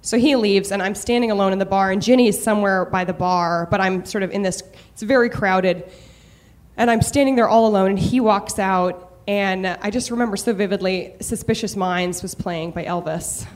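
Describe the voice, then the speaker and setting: A woman's voice: mid-range voice, moderate pace. A young woman telling a candid, profane personal story on stage, building to comic rants.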